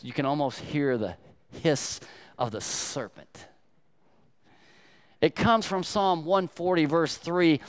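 An older man preaching a sermon, telling stories emphatically with sharp swings in loudness. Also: a little high, lively intonation, slow pace, clean tone. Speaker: pastor.

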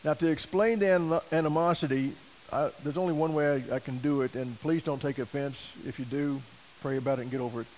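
A man preaching a sermon, telling a story in a folksy, animated way and acting out quoted voices. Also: on the high side, fast talker, hardly any pauses, a little hiss or hum, poor audio. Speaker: missionary preacher.

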